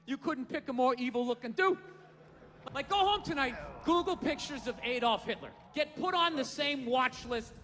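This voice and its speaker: High-voiced ranting stand-up comedian. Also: male voice, normal speed, a bit bright, in a large hall, a little hiss or hum. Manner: profane, incredulous ranting. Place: comedy club stage.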